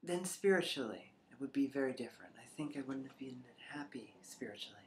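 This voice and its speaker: A woman's voice: extremely low pitch, expressive, brisk. Thoughtful trans woman in an echoey room. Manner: thoughtful, rambling, drops to a near whisper at times. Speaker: vlogger. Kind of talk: reflective personal vlog. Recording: echoey room with faint background noise.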